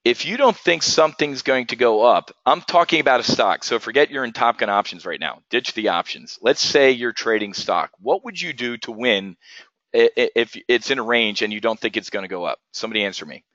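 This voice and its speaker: Guy running a live options webinar, keeps quizzing folks, swears a lot, crisp bright tone, dead dry sound. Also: mid-range voice, fairly quick, no echo, dull audio. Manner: energetic, profane, rhetorical questions to viewers. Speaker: options trading instructor. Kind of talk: live trading webinar lesson.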